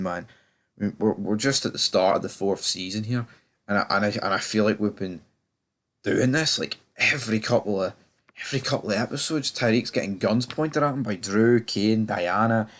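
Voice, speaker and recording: Low-voiced man reviewing a show. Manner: rambling, stammers and repeats words, swears casually. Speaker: TV episode reviewer. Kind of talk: casual spoken review.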